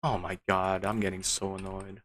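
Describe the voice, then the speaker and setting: A man's voice: deep voice, little pitch movement, moderate pace, a bit bright, slight background noise. A man streaming a game, muttering to himself with frustrated, disbelieving outbursts. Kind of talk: casual gameplay commentary.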